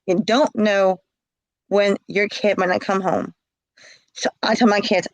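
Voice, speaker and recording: Speaking expressively at a medium pitch and measured pace, a middle-aged interviewee passionately recounts a personal experience, often repeating herself and voicing the calls she describes. The recording is rough, without echo.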